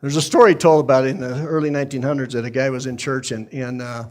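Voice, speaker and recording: A man preaching a sermon, telling a story in an animated way that breaks into shouts. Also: medium pitch, fast. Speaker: pastor.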